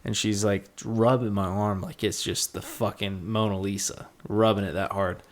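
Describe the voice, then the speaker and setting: A man's voice: fairly low pitch, flat delivery, normal speed. A man in his twenties, a bit tipsy, telling a rambling, profane story with laughs on a casual podcast. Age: 20s. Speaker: podcast co-host.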